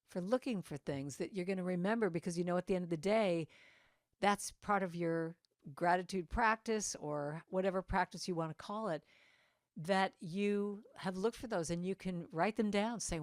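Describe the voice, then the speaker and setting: Woman guest speaker at a church, loose inspirational talk, low voice, dry sound. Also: normal speed, no room sound. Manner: chatty, meandering, with asides to audience members. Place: church sanctuary.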